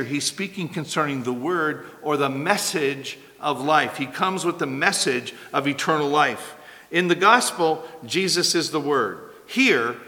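Forceful preacher man in a reverberant hall. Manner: emphatic, rising to forceful peaks then dropping low. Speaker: pastor. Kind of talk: expository sermon.

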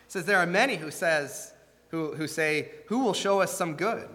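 A man's voice: fairly high pitch, moderate pace, fairly bright tone. Impassioned male preacher in a reverberant hall. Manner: impassioned preaching, rising emphasis, rhetorical questions. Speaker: pastor. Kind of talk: sermon.

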